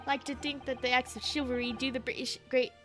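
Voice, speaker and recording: Woman doing a pompous gentleman defendant. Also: high voice, little pitch movement, brisk, music in the background, close to an everyday voice. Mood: grandiose. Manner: pompous and flowery. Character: pompous, smooth-talking older gentleman on trial.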